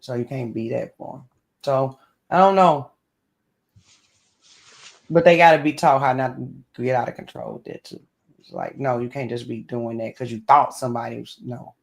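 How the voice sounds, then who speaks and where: A male co-host chats in a relaxed way, drifting into stories from home. His voice has a strong gravelly fry at a mid pitch. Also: moderate pace, pauses often. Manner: relaxed, storytelling. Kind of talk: casual chat.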